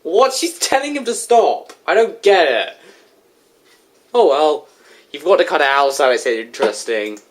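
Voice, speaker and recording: A woman from the UK, chatting excitably while she reacts to a video. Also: low-pitched. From United Kingdom. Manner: excitable, chatty, quick to exclaim. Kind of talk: casual reaction commentary.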